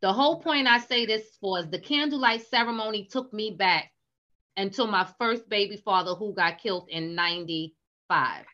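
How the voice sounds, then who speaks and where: A middle-aged woman speaks candidly about her own experience, open and vulnerable, circling back to repeat herself. Her voice is bright and forward. The recording is somewhat dull and lo-fi. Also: mid-range voice, normal speed. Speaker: guest sharing personal story. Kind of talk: candid personal storytelling.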